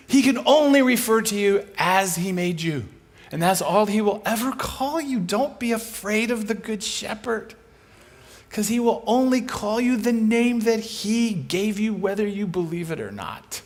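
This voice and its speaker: A man with a high-pitched voice preaches from a church stage into a microphone. He tells his stories with animation and slips into different voices for each character's lines. The delivery is lively throughout. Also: moderate pace. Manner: animated, acts out dialogue in shifting voices. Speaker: guest preacher. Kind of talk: sermon storytelling. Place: large church auditorium.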